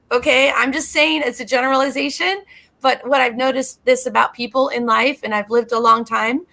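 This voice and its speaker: A woman's voice: a little high, fairly bright tone. A woman co-hosting a live psychic reading stream, chatty and bubbly, laughing often as she talks to viewers. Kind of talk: casual live-stream chat.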